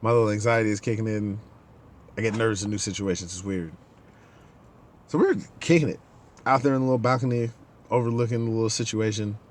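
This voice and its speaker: A man's voice: on the low side, fast, pauses often, a little hiss or hum. A man hosting a podcast, telling a casual story and acting out the people in it. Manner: animated, acts out the people in his stories. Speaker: podcast host.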